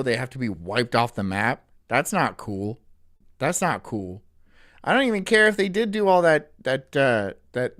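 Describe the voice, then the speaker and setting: A man's voice: mid-range voice, a bit bright, no room sound, studio quality. A man live streaming, rambling crudely with frequent swearing and laughter. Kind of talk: casual live-stream chat.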